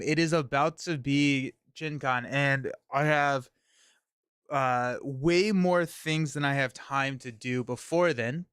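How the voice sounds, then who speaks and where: A man's voice: medium pitch, fairly bright tone, clean tone, no room sound, clean studio sound. A man hosting a card game live stream, upbeat and chatty, laughing often. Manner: upbeat, laughs often, talks fast in bursts. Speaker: host. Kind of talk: casual chat about a card game stream.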